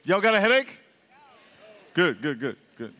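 At a measured pace, a man with a high, sing-song, sharp voice teaches the Bible to a congregation through call and response, echoing in a long-reverb hall. He keeps repeating questions, drilling his listeners, and laughing often.

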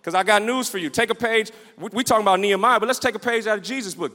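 A male pastor preaching a sermon in an animated, repetitive style, calling out to the room and acting out his stories. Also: high-pitched, very fast, few pauses. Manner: storytelling, acts out the scenes he describes. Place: church sanctuary with a livestream. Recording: echoey church hall.

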